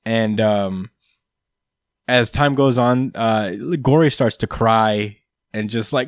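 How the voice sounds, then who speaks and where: A podcast host with an ordinary, middle-pitched man's voice runs through a comic chapter in an easygoing way. He wanders through his sentences with plenty of fillers and keeps breaking into small laughs. The sound is dry and close, with no room around it. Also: sing-song, takes it slowly, no room sound. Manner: rambling with frequent fillers and chuckles. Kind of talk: casual manga chapter recap.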